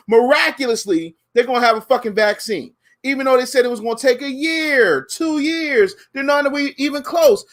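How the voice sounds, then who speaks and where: A man co-hosting a comedy podcast, ranting profanely and animatedly in casual chat. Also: extremely high pitch. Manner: profane, animated rants with quoted voices. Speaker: podcast co-host.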